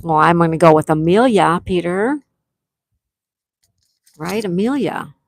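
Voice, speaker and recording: A woman hosting a casual live-stream trivia game, greeting viewers by name, reading their chat replies aloud and repeating questions slowly. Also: lowish voice, animated. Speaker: livestream trivia host.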